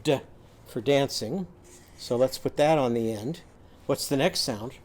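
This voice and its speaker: A man's voice: medium pitch, a little slow, a little mellow. A man demonstrating a reading lesson, with an upbeat, sing-song teaching manner, sounding out letters and cheering.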